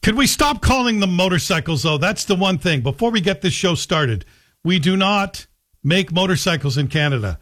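Sardonic radio host, slightly high voice. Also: male voice, animated, normal speed, fairly bright tone. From Scotland. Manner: sardonic, joking, slips into a Scottish voice for anecdotes. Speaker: radio talk show host. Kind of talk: opinionated radio monologue.

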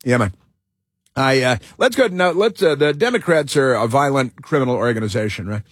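A man's voice: medium pitch, lively intonation, a little fast, husky, dry recording, studio quality. A man hosting a political talk radio show, delivering an emphatic, rambling monologue full of fillers and restarts.

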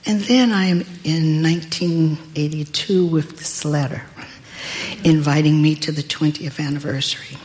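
An older woman telling a personal story in a deliberate, wry way. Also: low-pitched, fairly even intonation, darkish tone. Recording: long hall reverb.

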